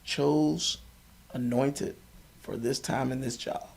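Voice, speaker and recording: A man's voice: mid-range voice, fairly even intonation, takes it slowly, vocal fry, darkish tone, slightly rough. A man as a podcast guest, encouraging the host in a preacher-like way. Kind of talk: conversational interview.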